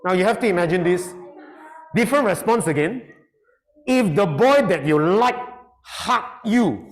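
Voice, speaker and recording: A man teaches his class. His voice sits high and leaps all over the place, and he keeps a playful, animated manner while mixing in Mandarin. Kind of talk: classroom lesson.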